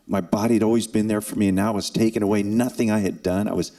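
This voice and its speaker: A man in his sixties speaks at a forum for students in a deep, low voice. He tells his story in an earnest way, with dramatic pauses and acted quotes. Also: steady tone, warm tone. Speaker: former NFL kicker and forum speaker. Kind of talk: emotional personal storytelling to students. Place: event hall.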